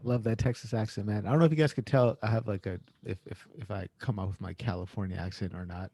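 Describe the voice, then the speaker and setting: A relaxed man hosts a casual online get-together over a video call. His voice sits low and sounds mellow. The sound is dry and close, with no room around it. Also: fast, husky, dry recording. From Canada. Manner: laid-back, says "man" often, fillers. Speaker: host.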